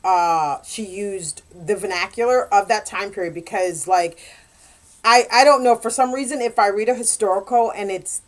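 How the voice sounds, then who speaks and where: A woman and romance author chatting casually in a book review, animated and quick to laugh. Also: mid-range voice.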